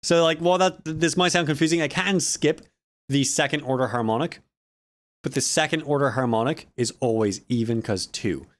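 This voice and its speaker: A man's voice: medium pitch, normal speed, no echo. A man casually explaining audio harmonics in a vlog, rambling and correcting himself with joking asides. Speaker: audio student vlogger.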